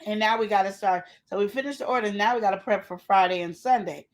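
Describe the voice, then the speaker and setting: Speaking quickly at a medium pitch, this woman hosts a laid-back live stream and addresses her viewers head-on. She chats and teases them, and she's an adult who has a child.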